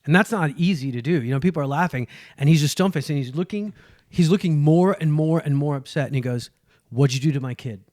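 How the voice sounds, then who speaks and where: A man's voice: on the high side, quick pace, dry recording, clean studio sound. A man, a guest comedian, chatting casually on a podcast and acting out quotes as he tells stories. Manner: animated storyteller, acts out quotes.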